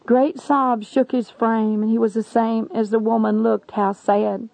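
A woman's voice: on the high side, flat delivery, a little slow, vocal fry, few pauses, darkish tone, no echo. A woman preacher giving an earnest, imploring testimony sermon. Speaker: evangelist. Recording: dull lo-fi recording.

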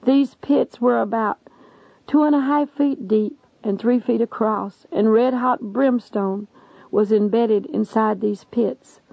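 An earnest woman evangelist delivers an imploring testimony sermon. Her voice is gravelly and somewhat high. The recording is dry and dull, lo-fi. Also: slow pace, no echo.

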